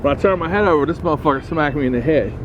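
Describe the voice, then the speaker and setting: A man tells rough hometown stories outdoors, his voice pitched a little high and loose with profanity. He acts out the quoted voices as he goes. Faint street and traffic noise runs behind him. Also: rapid-fire, highs cut off. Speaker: podcast host. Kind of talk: casual storytelling on a walking tour.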